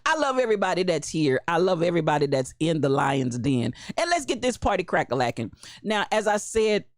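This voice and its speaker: A woman hosting a casual livestream, greeting viewers by name in a playful, animated way with frequent laughter. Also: lowish voice, fairly quick, dry recording, clean studio sound. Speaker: livestream host.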